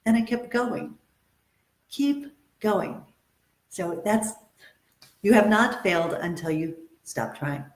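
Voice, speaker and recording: A woman's voice: mid-range voice, reverberant. A woman acting and modeling coach giving an upbeat, motivational webinar talk, stressing and repeating her key points.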